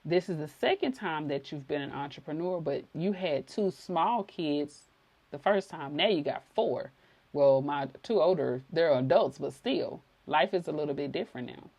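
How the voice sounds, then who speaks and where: Low gravelly woman telling a story. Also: normal speed. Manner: conversational, animated retelling with quoted dialogue. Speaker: podcast host. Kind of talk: personal storytelling.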